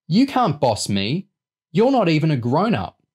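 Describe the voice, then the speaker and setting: A cheeky young boy in a storybook reading, voiced high above the reader's own low register by a man. He sounds whiny and defiant, talking back at everyone, with a little extra push in volume. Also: big pitch swings, moderate pace, a little mellow, heavily acted.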